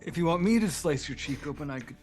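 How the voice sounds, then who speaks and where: A man's voice: on the high side, lively intonation, fast talker, soft background music. A man playing in a tabletop game, joking and wry. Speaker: player. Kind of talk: casual tabletop play.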